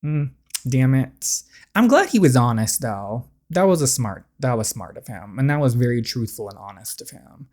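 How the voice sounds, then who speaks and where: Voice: medium pitch, expressive, normal speed, dark tone. A gaming channel host giving casual, chatty reaction commentary while reading a story game aloud.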